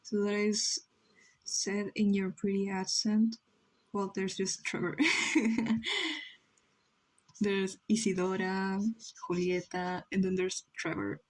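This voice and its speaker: Mellow-voiced young woman chatting on stream. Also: medium pitch, level tone, takes it slowly, pauses often, rough recording. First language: Spanish. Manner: rambling, reads chat aloud, many "like" fillers. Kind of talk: casual livestream chat while drawing.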